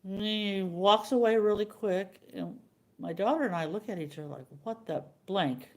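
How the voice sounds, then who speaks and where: An older woman hosting a live stream, chatting casually with viewers and telling a rambling, halting story. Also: mid-range voice, a little mellow.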